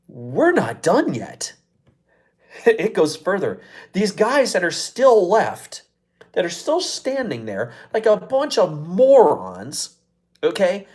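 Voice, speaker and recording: A man hosting a live show talks in a casual, profane rant. His pitch swings widely as he gets worked up, with an exasperated, incredulous edge. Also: darkish tone. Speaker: show host.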